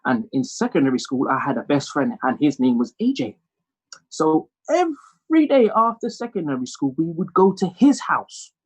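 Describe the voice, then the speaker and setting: A man's voice: on the high side, moderate pace, slightly rough. A man doing a stand-up comedy monologue, telling self-mocking stories. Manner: storytelling, animated, self-mocking.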